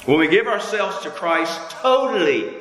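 A man preaches in an easygoing, conversational way and asks the congregation to repeat words back to him. His voice sits at an ordinary pitch and climbs high when he gets fired up. The sound is echoey, with a long hall reverb. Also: expressive, moderate pace, a bit bright. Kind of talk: sermon. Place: church hall.

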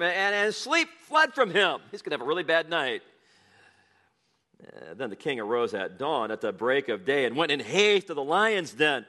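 Bright-voiced preacher man, animated. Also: medium pitch. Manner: animated, with chatty asides and chuckles. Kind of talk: expository sermon reading scripture.

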